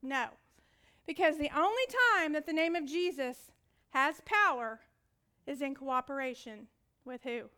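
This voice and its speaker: This preacher's voice is high and bright, and she takes her sermon at an unhurried pace. Her storytelling is animated, with impersonations of others' voices and shifts from loud commands to quiet, whispered asides.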